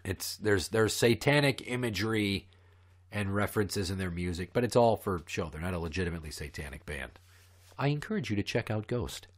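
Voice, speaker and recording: A man's voice: on the low side, animated, a little fast. A man hosting a podcast who tells stories in a profane, heated, ranting way. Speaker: podcast host. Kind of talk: ranting storytelling.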